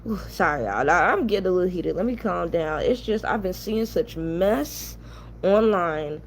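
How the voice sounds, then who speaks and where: Fairly low-pitched but lively in intonation, this young New Yorker talks at normal speed over a faint hiss or hum. As a commentary channel host, she delivers heated casual commentary that is blunt, ranting, and full of profanity.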